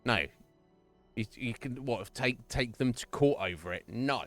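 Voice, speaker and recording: Lively, swearing streamer man. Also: mid-range voice, soft background music. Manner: chatty, profane, quick to laugh. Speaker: Twitch streamer. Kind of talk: casual live-stream chat with viewers.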